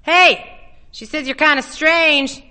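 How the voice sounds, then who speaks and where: A sly, pushy man in his thirties passing himself off as a teen, as a woman storyteller puts him on. His talk is a teasing sing-song that mocks and coaxes at once. The tone is bright and forward. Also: medium pitch, lively intonation, moderate pace. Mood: jeering. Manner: sing-song, slightly mocking and kidding.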